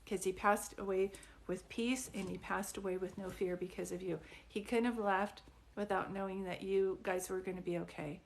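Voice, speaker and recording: A woman speaks gently on a live stream, reassuring her viewers with endearments like sweetie and honey. Her sentences wander and restart as she talks. Her voice sits at a middling pitch for a woman, picked up by a phone or webcam mic. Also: fairly even intonation, normal speed, gravelly. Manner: soft, soothing, calls people sweetie and honey; rambling, restarts mid-sentence. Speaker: psychic medium doing live readings. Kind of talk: livestream reading with viewers.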